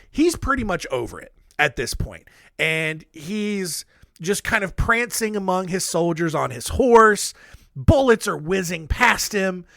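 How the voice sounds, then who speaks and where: A male podcast host tells history stories in a loose, rambling way, full of fillers and joking asides. His somewhat high voice swings up and down a great deal. He is recorded close on a dry studio microphone. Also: a bit bright, no echo. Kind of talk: casual history storytelling.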